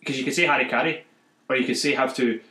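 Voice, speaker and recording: A man's voice: medium pitch, steady tone, quick pace, bright, forceful tone, roomy sound, poor audio. A man, a podcast co-host, rambling through stumbling retellings in casual chat and laughing a lot.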